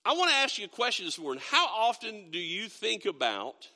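A middle-aged man preaching a sermon, reading scripture slowly and emphatically, stumbling over restarts. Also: high voice, sing-song, bright, forceful tone, long reverb tail. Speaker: pastor. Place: church sanctuary.

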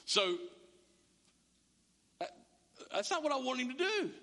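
A man's voice: very high-pitched, very animated, normal speed, pauses often, sharp tone. A male pastor giving a conversational sermon in a church, full of stammering restarts and joking asides. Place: church sanctuary. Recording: long church reverb.

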